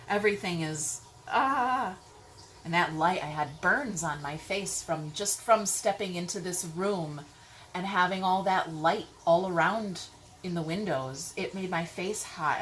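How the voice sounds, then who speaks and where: A woman giving a casual tarot reading, chatty and rambling, swearing freely, with sudden loud exclamations and frequent "okay?" check-ins. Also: lowish voice, slight background noise, low-quality recording. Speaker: tarot reader.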